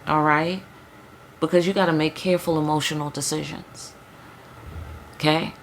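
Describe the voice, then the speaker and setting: Low-voiced woman, slangy tarot reader. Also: steady tone, moderate pace, slight background noise. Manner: loose, slangy, emphatic, frequent check-ins like "hello?" and "okay?". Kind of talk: casual spiritual reading.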